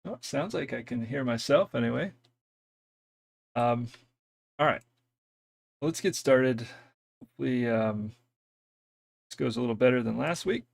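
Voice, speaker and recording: A man's voice: medium pitch, measured pace, creaky, long pauses, slightly rough. A man hosting a casual technical live stream from home, talking hesitantly with many fillers and self-deprecating asides. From US East Coast.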